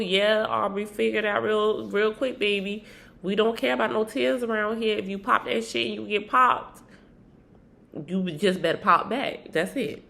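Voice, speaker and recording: A woman dishing a reality-show recap in a casual, gossipy way, full of slang. Her mid-pitched voice has a gravelly fry. She talks with lively, animated energy. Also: normal speed. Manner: animated, slangy, slips into acted quotes.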